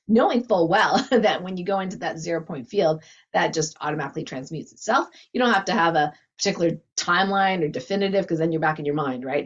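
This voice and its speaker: A woman's voice: fairly low pitch, lively intonation, fast, breathy edge, highs cut off. A woman talking casually and animatedly, often laughing and acting out her inner thoughts. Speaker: guest teacher. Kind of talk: casual conversation.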